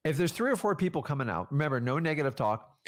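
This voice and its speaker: With a slightly high voice and a quick pace, a man coaches casually on real estate, bringing energy as he plays out exchanges with sellers.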